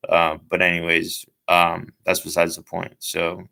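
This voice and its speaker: A man's voice: low-pitched, completely flat delivery, measured pace, creaky, bright, forceful tone. A man in his twenties casually telling a personal story, rambling, with lots of fillers and asides. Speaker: vlogger.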